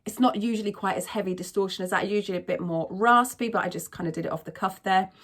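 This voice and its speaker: A woman's voice: medium pitch, quick pace, fairly bright tone. A woman vocal coach explaining singing technique in a frank, chatty tutorial manner. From not from America.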